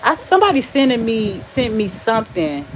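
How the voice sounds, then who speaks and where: Blunt woman streaming live, kinda high voice, laughs a lot, talks back to her chat. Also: sing-song, moderate pace, noisy background. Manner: laughs often, blunt and defiant; talks back to viewers and comments.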